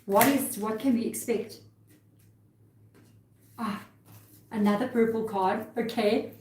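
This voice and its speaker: A woman's voice: fairly high pitch, fairly even intonation, takes it slowly, darkish tone, reverberant, rough recording. A woman giving a live tarot reading, talking earnestly and emotionally about spirit guides and cards. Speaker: tarot reader.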